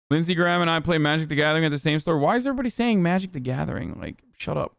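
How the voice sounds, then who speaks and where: A man's voice: on the high side, gravelly, a bit bright, no echo, studio quality. A young man streaming, riffing sarcastically and swearing a lot while reacting to videos. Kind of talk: casual stream commentary.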